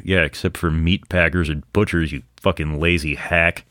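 A man's voice: extremely low pitch, fairly even intonation, fairly quick, few pauses, a bit bright, no room sound, clean studio sound. A man hosting a true-crime podcast, narrating the case and breaking off into sarcastic, profane asides. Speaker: podcast host. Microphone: microphone on a stand.

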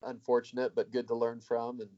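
A man's voice: medium pitch, completely flat delivery, fairly quick. A man listening and reacting with brief encouraging remarks. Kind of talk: casual chat. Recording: dull lo-fi audio with crowd noise.

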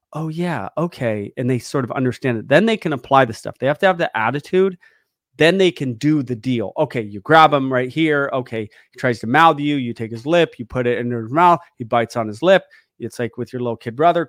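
A man's voice: mid-range voice, no echo, clean studio sound. A man hosting a podcast, chatting casually about dog training and getting worked up as he acts out what the dog is thinking. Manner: animated, gets worked up, acts out the dog's thoughts.

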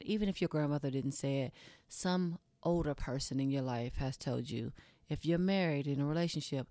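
Woman, deep voice, mellow tone, blunt casual monologue, swears freely, talks straight to viewers. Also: a little fast, no echo. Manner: speaks straight to the audience.

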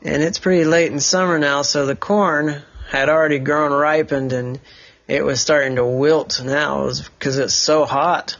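A man's voice: on the high side, gravelly, muffled recording. A father improvising a bedtime story, rambling and correcting himself as he goes.

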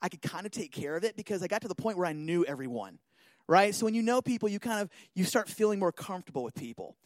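A man giving an animated talk, telling a personal story and often checking in with listeners. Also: high voice, fast, dry recording. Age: adult.

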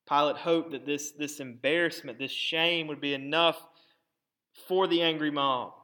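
A pastor giving a sermon, preaching with emphasis and dramatic pauses, and repeating words as he presses a point. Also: fairly high pitch, fairly even intonation, bright, forceful tone.

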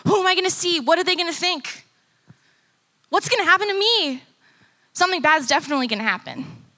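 A woman's voice: very high voice, lively intonation, a little fast, sharp tone. A young woman speaking at a conference, telling her story in a conversational way and acting out remembered dialogue. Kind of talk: personal testimony talk. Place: conference stage before teens.

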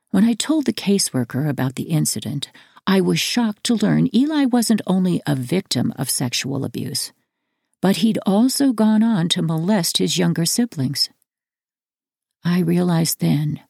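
A woman narrating a first-person memoir audiobook in a measured, earnest reading. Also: low voice, gravelly, a little mellow, breathy edge, no room sound, clean studio sound.

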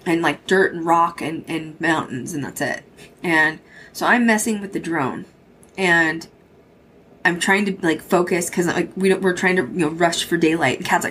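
With a fairly low, fairly bright voice and fairly even intonation, a young adult podcast host recounts a spooky road trip at a moderate pace. She curses freely and quotes others in dialogue, and there's slight background noise.

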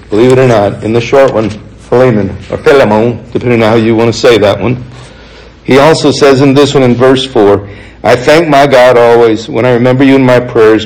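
Man, preacher, earnest conversational sermon, mid-pitched voice, reads scripture then explains. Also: darkish tone, poor audio. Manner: earnest, conversational, slows for emphasis.

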